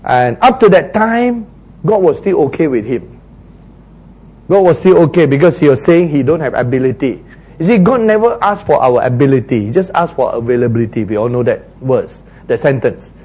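A man's voice: mid-range voice, animated, moderate pace, darkish tone, slightly rough, rough recording. A man preaching a sermon, retelling scripture in an earnest, repetitive way.

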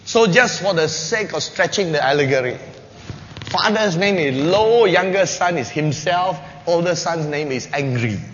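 Bright-voiced male preacher in a reverberant hall. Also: on the high side, unhurried, a little hiss or hum. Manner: animated, acts out the characters with emphatic repetition. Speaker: pastor. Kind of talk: sermon. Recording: dull sound with long hall reverb.

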